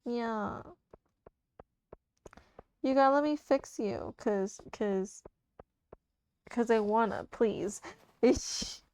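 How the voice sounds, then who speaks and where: A woman's voice: a little high, very slow, long pauses, slight background noise. A young woman streamer chatting casually while playing a game, swearing freely and talking to her chat. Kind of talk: casual gameplay commentary. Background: soft game music.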